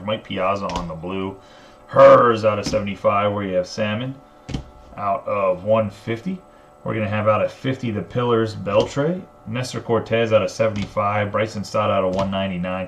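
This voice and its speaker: A man's voice: lowish voice, lo-fi sound, a little hiss or hum. A man hosting a live card break, casually rattling off card names and serial numbers.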